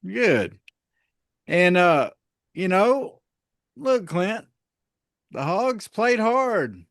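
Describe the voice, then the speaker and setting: A man's voice: high-pitched, big pitch swings, drawn-out words, a bit bright, no room sound. Easygoing man on a dry mic. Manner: easygoing, laughs often, hedges with "uh". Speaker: podcast co-host. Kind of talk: casual sports chat.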